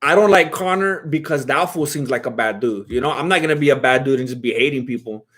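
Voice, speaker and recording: A man's voice: medium pitch, fast, fairly bright tone. A man streaming a fight watch-along, casually chatting and answering viewer questions in a laid-back, slangy way with frequent laughter. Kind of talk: casual livestream chat.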